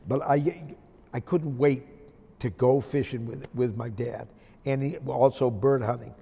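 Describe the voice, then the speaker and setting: Older maine guy, old coach rambling thru stories, mellow voice, lots of reverb. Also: medium pitch, measured pace, vocal fry, slightly rough. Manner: rambling storyteller, acts out quoted dialogue. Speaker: retired basketball coach. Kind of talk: storytelling interview.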